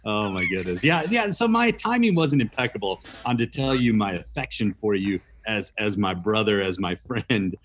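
A man chats in a relaxed, easygoing way and laughs often. His husky voice rises and falls with a wide, expressive swing. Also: lowish voice, moderate pace, hardly any pauses. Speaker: co-host, former helicopter pilot. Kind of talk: casual friendly chat.

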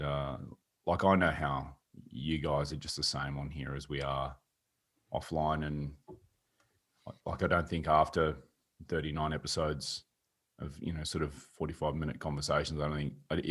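A man co-hosting a podcast, speaking in a measured, reflective way with hesitant fillers. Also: very deep voice, flat delivery, fairly bright tone, slightly rough. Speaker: podcast co-host. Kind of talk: casual chat.

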